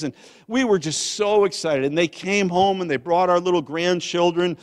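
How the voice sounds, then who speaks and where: An older man, a guest pastor, telling a family story in a sermon, swinging from loud to hushed. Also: high-pitched, fairly even intonation, fairly quick. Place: church sanctuary. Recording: long church hall reverb.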